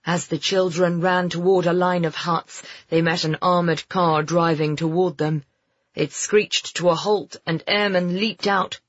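A woman narrating a story in a slow, measured way. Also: fairly low pitch, steady tone, dry recording. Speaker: audiobook narrator. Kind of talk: scripted narration. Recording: dull, muffled sound.

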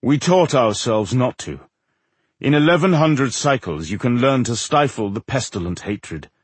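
A man voicing an ancient, kindly undead dwarf king who speaks calmly and reassuringly. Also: mid-range voice, measured pace, slightly rough, dry recording. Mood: grave. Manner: calm, reassuring.

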